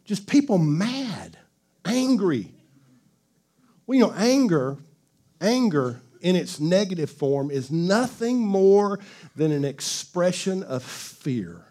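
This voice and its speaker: High-voiced man preaching a lively sermon. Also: slow pace. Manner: conversational, laughing, call-and-response with the congregation. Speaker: pastor.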